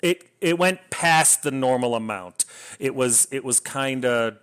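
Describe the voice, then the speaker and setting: A man's voice: medium pitch, animated, measured pace, fairly bright tone, clear, resonant tone. Enthusiastic rambling man reviewing a book.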